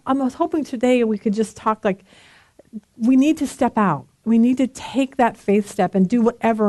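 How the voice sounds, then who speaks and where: A woman in her forties leads a relaxed Bible study and talks as if chatting with friends. Her voice sits a little high, and she tells stories with lively energy and frequent laughter. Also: no echo. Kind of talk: casual Bible study teaching.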